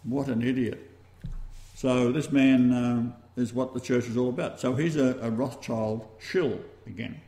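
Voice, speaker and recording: A man with an Australian accent hosting a talk-radio show, rambling and halting as he goes. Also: mid-range voice, steady tone, warm tone, reverberant. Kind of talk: casual talk-radio chat.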